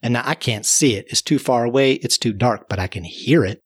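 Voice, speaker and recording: A man telling a story in a chatty, animated way, chuckling now and then. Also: mid-range voice, a little fast, husky. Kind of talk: spoken storytelling.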